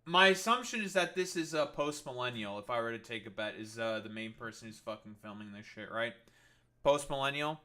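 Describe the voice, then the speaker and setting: This man's mid-range voice is expressive, fairly quick, pushed and bright. Hosting a political commentary livestream, he reacts to news clips with sarcastic, swear-filled rants full of "uh" and "like".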